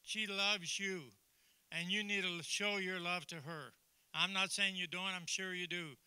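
Jokey, earnest pastor from Canada. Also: male voice, high voice, fairly even intonation, unhurried, pushed and bright, clean tone, no room sound. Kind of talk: informal church talk. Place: church.

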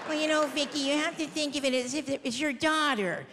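A woman's voice: sits high, fast talker, some chatter behind. A woman mocking a prim, lecturing shelter worker. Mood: condescending. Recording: reverberant hall, loud audience noise.

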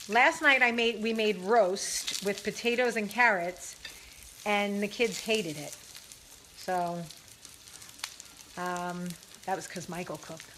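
A chatty woman talks her viewers through a recipe, full of fillers and jokes at her own expense. Her voice sits in a middle register. Loud frying and sizzling from the pan run under everything she says. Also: mid-range voice, a little hiss or hum, poor audio. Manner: chatty and self-deprecating, many fillers. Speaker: vlogger cooking on camera. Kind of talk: casual self-filmed cooking vlog. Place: home kitchen, frying at the stove. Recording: home kitchen with loud sizzling.

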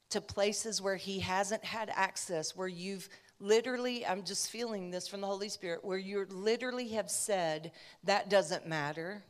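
A woman preacher giving a conversational sermon, telling a personal story with chatty asides. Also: mid-range voice.

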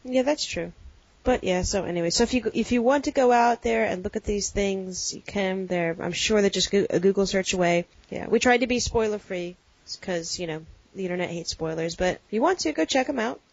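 A woman's voice: mid-range voice, a little fast, dry recording, highs cut off. A woman co-hosting a podcast in casual chat, teasing with dry asides. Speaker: podcast co-host.

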